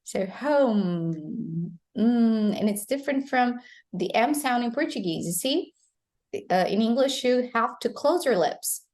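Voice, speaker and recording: A woman English teacher explaining pronunciation, repeating model phrases slowly and clearly. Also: a little high, animated. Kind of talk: pronunciation lesson.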